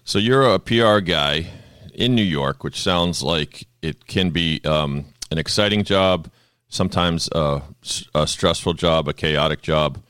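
A man hosts a podcast with a chatty, joking manner. His voice sits low, and the close mic sounds dry with no room around it. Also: measured pace, fairly bright tone, clean tone, dry recording. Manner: chatty, jokey, showman-like openings. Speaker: podcast host. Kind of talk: casual interview chat.

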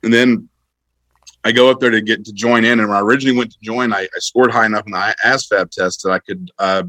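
A man, an army veteran, telling his service stories in a relaxed, rambling way, with fillers and self-corrections. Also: fairly low pitch, fast talker, dry recording, rough recording. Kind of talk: casual conversational storytelling.

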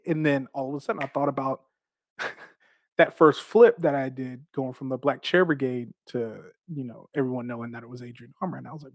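A professional wrestler, a man, tells stories from his career in a casual, animated way, swearing freely and laughing between phrases. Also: mid-range voice, brisk, no echo, studio quality.

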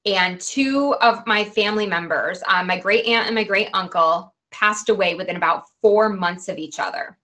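Woman, forties, interview guest, candid storytelling, casual chatty manner, medium pitch. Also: moderate pace, few pauses. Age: 40s. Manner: chatty, animated, peppered with "like" and "right".

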